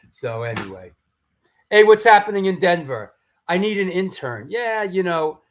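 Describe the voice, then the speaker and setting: Rambling New host, swearing freely. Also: male voice, sits high, very animated, moderate pace, pauses often. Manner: rambling, swearing, restarts and storytelling asides. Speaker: host of a live hardcore music show. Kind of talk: casual live-stream chat.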